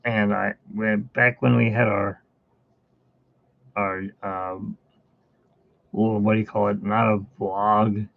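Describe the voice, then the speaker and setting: A man talks slowly and casually while he works on a drawing, rambling from one aside to the next. His voice is gravelly and husky. The sound is tinny and phone-like and dry. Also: fairly low pitch, level tone, no room sound. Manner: rambling, chatty, with fillers and asides. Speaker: artist hosting a live art stream.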